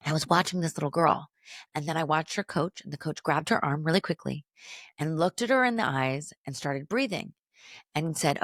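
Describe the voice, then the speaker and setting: Low, dry-voiced woman podcast host. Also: animated, moderate pace, fairly bright tone, no echo. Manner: candid, chatty, lots of "like". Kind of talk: personal reflective monologue.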